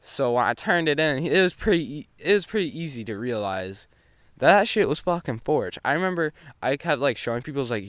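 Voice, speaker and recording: Profane rambling teenage boy, smooth dry voice. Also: mid-range voice, very animated, fairly quick, fairly bright tone, no room sound. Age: teens. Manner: rambling, profane, many restarts. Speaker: vlogger. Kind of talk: casual storytime.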